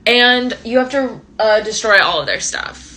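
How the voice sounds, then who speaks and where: Woman voicing a blunt male God, casual slang, deadpan, bright tone. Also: on the high side, normal speed. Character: blunt, short-tempered male God, talking like a teen.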